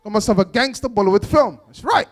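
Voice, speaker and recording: A man's voice: sits high, lively intonation, fast talker. A young man doing stand-up at an awards event, playfully teasing the kids in the audience in street slang. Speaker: stand-up comedian.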